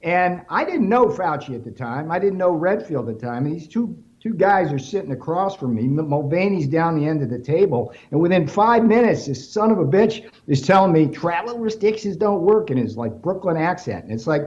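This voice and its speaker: A man's voice: a little high, lively intonation, moderate pace, few pauses, a little mellow, highs cut off. A man as a guest on a talk radio show, telling stories emphatically and with animation.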